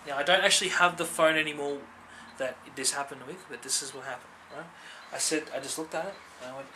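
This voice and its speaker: A fast-talking man with few pauses and a highish, bright, forceful voice gives a personal testimony to camera as a vlogger. Of Filipino family background, he's earnest and conversational, heavy on fillers and "right?" tag questions. Poor audio carries a little hiss or hum.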